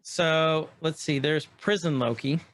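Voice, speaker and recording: Excitable man with a slightly high voice. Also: dry recording. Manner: excited, rambling, retells scenes while pausing the show. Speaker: podcast co-host. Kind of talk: casual chat recapping an episode.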